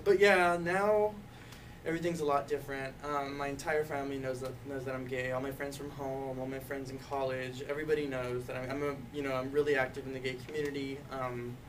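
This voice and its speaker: A young adult youth activist intern describes his own coming out in an easygoing way, full of "like," "you know," and light laughs. His medium-pitched voice stays steady and moves a little fast. A distant mic picks up faint background noise.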